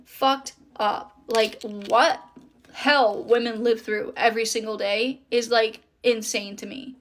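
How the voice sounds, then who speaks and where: Woman, fairly high voice, indignant, swearing, casual storytime monologue. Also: steady tone, takes it slowly, slight background noise.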